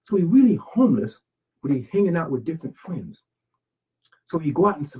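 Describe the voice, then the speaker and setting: A man's voice: a little high, big pitch swings, a little fast, long pauses, mellow, breathy edge, low-quality recording. A man talking casually about his books and life in a rambling, plain-spoken monologue with preachy asides. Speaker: self-published author and channel host.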